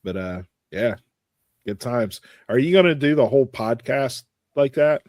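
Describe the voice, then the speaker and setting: A man with a mid-pitched voice jokes around on a podcast. His tone is laid-back and teasing, and the sound is dry, with no room echo. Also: lively intonation, measured pace, a little mellow. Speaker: podcast co-host. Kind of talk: casual chat.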